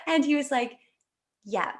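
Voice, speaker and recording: As a guest in a casual podcast interview, a Canadian woman in her late thirties recounts a personal story, animated and emotional, full of fillers and restarts. Her voice is high-pitched and a little slow.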